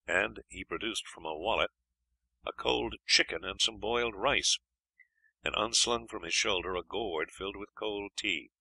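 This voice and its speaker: Low, gravelly male audiobook narrator. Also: moderate pace, dry recording, rough recording. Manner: steady storytelling reading. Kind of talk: scripted narration.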